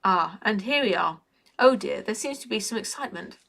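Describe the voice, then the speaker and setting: A woman voicing a falsely pleasant young male villain who speaks softly and politely. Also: mid-range voice, animated, a little fast, vocal fry. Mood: silkily polite.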